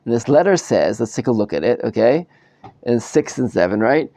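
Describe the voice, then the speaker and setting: A man's voice: medium pitch, very animated, moderate pace, vocal fry, dark tone, dry recording. A man, a rabbi, giving a live Bible study lecture to students, dramatizing the text with many restarts. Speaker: rabbi teaching a class.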